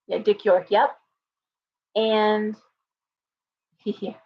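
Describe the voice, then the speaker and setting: A woman's voice: medium pitch, flat delivery, very slow, lo-fi sound. A woman hosting a casual live stream as a tarot reader, talking earnestly and rambling with many fillers and restarts while reading viewer comments aloud. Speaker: livestream host and tarot reader.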